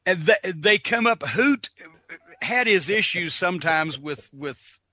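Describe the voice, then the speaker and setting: An older man, a wrestling manager, telling animated stories in a casual podcast and slipping into voices to act out moments. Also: sits high, measured pace. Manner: animated storyteller, does voices when retelling. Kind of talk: podcast storytelling.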